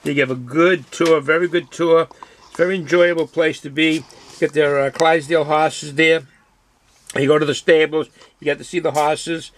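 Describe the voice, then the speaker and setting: A man's voice: on the high side, steady tone, moderate pace. A man with a Boston accent reviewing a beer in casual, rambling talk with many fillers and restarts.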